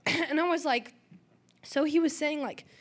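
Teen girl telling her church testimony, kinda high voice, tons of ums and likes. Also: unhurried. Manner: chatty, lots of "um" and "like", acts out quotes. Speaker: youth testimony speaker.

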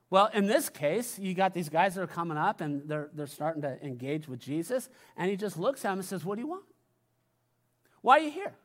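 A pastor giving a conversational sermon to his church, often repeating key phrases and adding playful asides. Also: high-pitched. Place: church sanctuary.

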